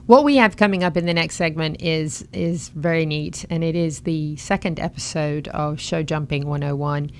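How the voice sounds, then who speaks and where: A woman's voice: low-pitched, slight background noise. A woman hosting a horse talk show, chatting enthusiastically and reading sponsor lists.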